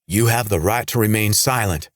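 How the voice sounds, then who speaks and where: A stern, growling police sergeant who gives orders flatly and expects them obeyed, as a male narrator plays him. His voice is deep and close. The sound is dry. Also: moderate pace, no echo, close to an everyday voice. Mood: commanding. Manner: commanding, growling.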